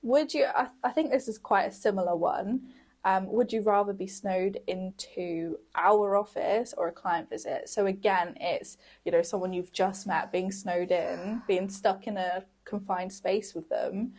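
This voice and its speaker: Young woman, husky, casual chat, giggly, thinks out loud. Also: medium pitch, fairly even intonation, measured pace. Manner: laughs often, thinks aloud. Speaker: co-host.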